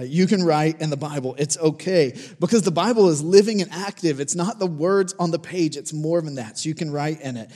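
A man in his forties delivers a sermon in a relaxed, conversational way, urging his congregation on and circling back to the same challenges. His voice sits a little high for a man. Its tone stays warm and mellow rather than bright. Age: 40s. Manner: conversational, encouraging, repeats challenges. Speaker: pastor.

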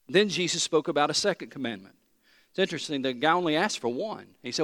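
A man preaches in a fairly high voice, slowing to drive home repeated phrases. His words ring out with the long reverb of a large church hall. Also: a bit bright. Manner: emphatic preaching, slows and repeats key phrases. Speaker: pastor. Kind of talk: sermon.

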